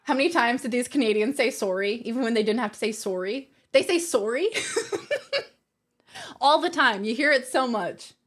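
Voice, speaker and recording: A woman's voice: on the high side, expressive, brisk, few pauses. A woman livestreamer in casual chat, reading her viewers' messages aloud and laughing often.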